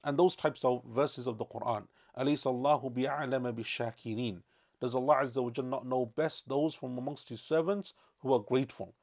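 A man teaching a lesson on Islamic practice, explaining in a measured way and often correcting himself mid-sentence. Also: medium pitch, fairly even intonation, darkish tone. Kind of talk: religious lecture.

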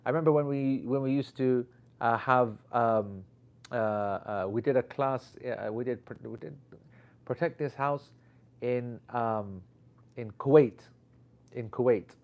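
A man of ordinary pitch tells a casual, rambling anecdote. He talks in an animated way and drops slang as he goes. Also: unhurried, dull audio. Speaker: Islamic teacher.

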